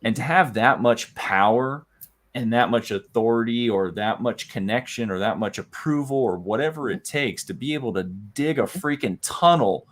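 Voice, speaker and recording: A man co-hosting a casual live talk show, talking in a relaxed, rambling way and laughing easily. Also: medium pitch, moderate pace. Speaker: co-host. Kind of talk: casual chat.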